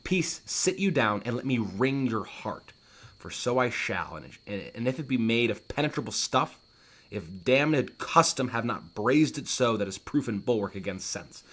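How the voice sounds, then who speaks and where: A man's voice: mid-range voice, animated, normal speed, fairly bright tone. Hamlet, read by a man as a bitter young prince. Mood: scornful. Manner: reads verse lines aloud from the play.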